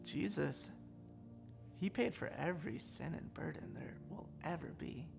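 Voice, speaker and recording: A woman's voice: low-pitched, lively intonation, a little slow, creaky, over music. A woman giving an online children's church sermon, telling the story animatedly and talking straight to the kids. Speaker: children's pastor.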